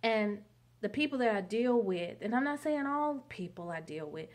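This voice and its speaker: A woman's voice: fairly high pitch, expressive, normal speed, darkish tone. Chatty woman rambling to her camera, fillers everywhere. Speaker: vlogger. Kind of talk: casual storytelling monologue.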